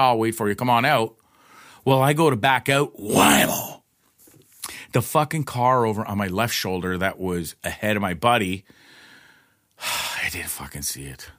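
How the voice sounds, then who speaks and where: Profane rambling man with a low voice. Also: a bit bright. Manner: rambling, profane, laughs often. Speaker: storyteller. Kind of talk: casual personal storytelling.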